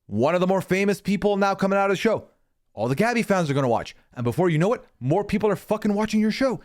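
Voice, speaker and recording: A man streaming casual commentary, rambling and swearing freely, pitch jumping up when he gets worked up. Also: sing-song, quick pace, darkish tone. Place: hot indoor room.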